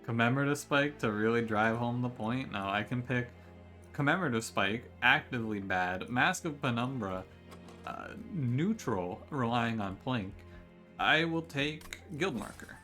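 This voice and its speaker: Animated man commenting over game music. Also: mid-range voice, measured pace. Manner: chatty, jokey, exasperated outbursts. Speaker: gaming streamer. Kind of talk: casual gameplay commentary.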